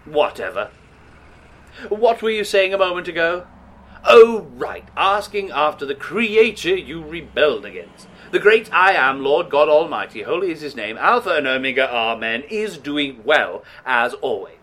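A man's voice: fairly high pitch, sing-song, moderate pace, a bit bright. An actor playing a righteous, pompous male archangel with formal, lofty speech in an audio drama. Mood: dry.

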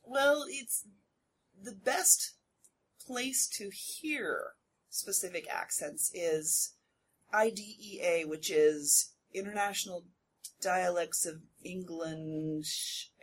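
A woman voice actor speaking on a convention panel, chatty and quick to correct herself, laughing easily. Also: fairly low pitch, lively intonation, slight background noise.

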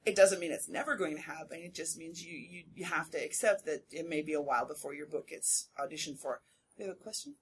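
A woman with a slightly low voice talks on a convention panel, chatty and prone to restarting her sentences. Faint room noise sits behind her. She laughs easily and corrects herself as she goes. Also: fast. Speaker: voice actor panelist.

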